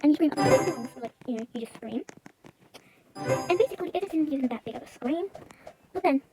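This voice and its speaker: A woman's voice: high voice, expressive, fast, poor audio. Sped-up chatty female storyteller. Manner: rambling, full of "like" and "you know". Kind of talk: casual story time. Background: loud music.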